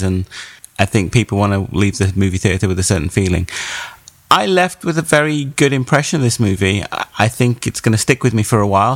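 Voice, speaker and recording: A man's voice: lowish voice, dry recording. A man co-hosting a film podcast, chatting casually and teasing his co-hosts with a laugh. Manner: jokey, laughs often, teasing. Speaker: podcast co-host, film reviewer. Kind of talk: casual chat.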